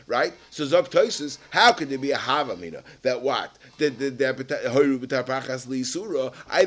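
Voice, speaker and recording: Halting Yeshivish man teaching Talmud. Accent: Yeshivish English. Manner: halting, many restarts and repeated words; rises loud and high when explaining. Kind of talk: Talmud study lesson.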